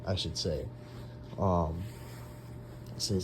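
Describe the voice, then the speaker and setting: Deep-voiced young man rambling through a story. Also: normal speed, slight background noise. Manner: rambling with many fillers and restarts. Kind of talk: casual dream retelling.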